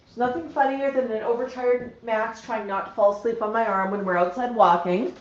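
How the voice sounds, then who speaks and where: A woman with a highish voice, fairly even intonation and a brisk delivery with few pauses hosts a casual home livestream. She baby-talks and coos to her parrots, then speaks plainly to her viewers, all in a dull, roomy recording.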